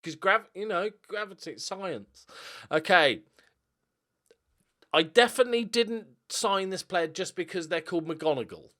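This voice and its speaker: A young man rambles through his game in relaxed commentary. His voice sits a little high and swings widely in pitch, and he swears casually while cracking jokes. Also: unhurried. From Northern Ireland. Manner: chatty, joking, swears freely, rambling asides. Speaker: gaming YouTuber.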